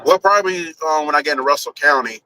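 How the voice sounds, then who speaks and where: A man's voice: a little high, fast talker, pushed and bright, a little hiss or hum, rough recording. Rambling man streaming from his car. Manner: rambling, loose, swears casually, thinks aloud. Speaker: live streamer. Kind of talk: casual chat while driving on a live stream. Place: in a car on a highway.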